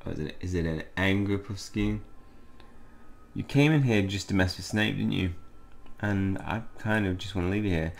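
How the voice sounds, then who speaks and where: A man's voice: sits low, moderate pace, creaky. A man giving jokey, chatty let's-play commentary and reading game text aloud. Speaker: gaming channel host.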